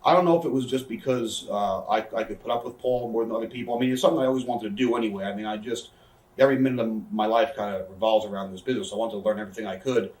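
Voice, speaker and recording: A man in his thirties telling a backstage story in a casual interview, rambling, animated and swearing. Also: on the low side, rapid-fire, reverberant, recorded from a distance, rough recording. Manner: rambling, animated, swears, acts out quoted voices. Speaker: interview guest, wrestler.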